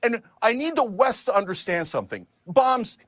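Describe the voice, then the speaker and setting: A man in a televised debate makes heated, emphatic points and asks rhetorical questions. His voice is high and swings widely in pitch. The sound is dry and close, with almost no room echo. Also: wildly swooping pitch, a little fast, a bit bright. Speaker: debate guest in a TV interview clip. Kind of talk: impassioned political argument.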